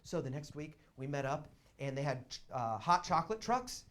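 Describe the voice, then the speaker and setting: A young man doing stand-up storytelling in a small theater, swinging between quiet asides and loud excited bursts. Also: on the high side, normal speed. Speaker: comedian.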